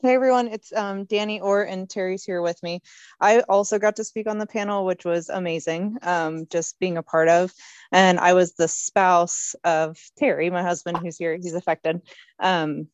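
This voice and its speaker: A woman's voice: lowish voice, fairly even intonation, normal speed, clear, resonant tone, no echo. Earnest woman on a group call. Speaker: conference attendee on a group call.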